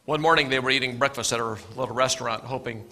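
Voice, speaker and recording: A middle-aged male pastor preaching a sermon with storytelling, earnest, often repeating his words and dropping to soft asides. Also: medium pitch, steady tone, fast, slight background noise.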